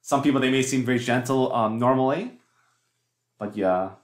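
A man's voice: medium pitch, normal speed. A man preaching a sermon as pastor, talking conversationally with many fillers and restarts and asking the congregation rhetorical questions. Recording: echoey church hall.

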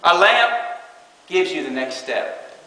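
A man delivers a conversational sermon, slipping into the voices of praying and doubting people. His voice sits a little high and rings bright and forceful. The sound carries a long, roomy reverb from the hall. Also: lively intonation, slow pace. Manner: conversational preaching, acting out quoted prayers. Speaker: preacher.

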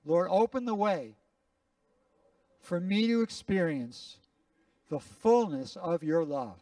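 A rabbi leads his congregation in prayer, his voice sitting a little high for a man. He speaks earnestly, pausing for the room to repeat after him. The recording is dry and picked up from some distance from the mic. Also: lively intonation, dark tone, no echo. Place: congregation sanctuary.

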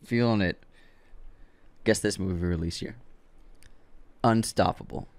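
Low-voiced easygoing podcast man. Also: measured pace, no room sound. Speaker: podcast co-host. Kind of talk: casual chat and ad reads.

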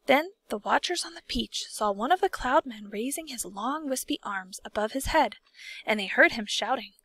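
Woman reading a storybook, bright and dry. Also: a little high, normal speed, dry recording. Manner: steady, expressive storytelling. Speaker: audiobook reader. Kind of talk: storybook narration.

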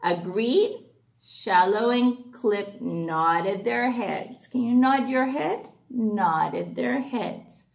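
Animated woman reading to young children. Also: fairly high pitch, extremely slow, creaky, echoey room. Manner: animated, gasping, asking children questions.

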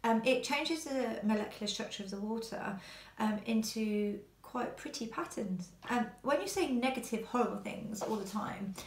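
A woman talking earnestly to camera from her quiet home, pausing often as she speaks. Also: on the high side, expressive, roomy sound. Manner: earnest, halting with many pauses. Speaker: vlogger. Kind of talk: personal talk to camera.

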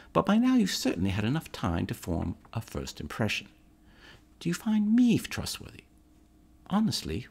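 A man's voice: on the low side, gravelly, darkish tone, husky, heavily acted. A man putting on a posh British gent. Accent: British, put on. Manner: self-assured and wry. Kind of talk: theatrical monologue to the audience.

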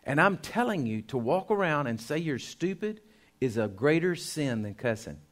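A man, a pastor, preaching a sermon to his congregation. He speaks emphatically, dropping to a hush and then rising loud, and addresses the listeners directly. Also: fairly high pitch, sing-song, moderate pace. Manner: emphatic preaching, swinging between hushed and loud.

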